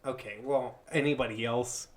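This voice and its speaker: A man hosting a podcast, recapping a book's plot in a relaxed way and laughing easily. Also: medium pitch, normal speed. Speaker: podcast host. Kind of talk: casual podcast chat recapping a book.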